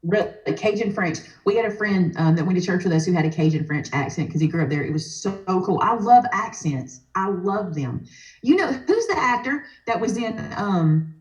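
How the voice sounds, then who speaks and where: A woman's voice: medium pitch, animated, normal speed, roomy sound, dull audio. A woman, chatting enthusiastically on a casual livestream and laughing easily. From Alabama. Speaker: guest.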